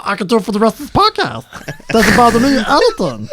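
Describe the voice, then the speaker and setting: Man putting on a squeaky hormone monster voice, small, cocky, smug, leaping way up high. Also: wildly swooping pitch, background noise, full character voice. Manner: squeaky and smug, drawn-out "baby".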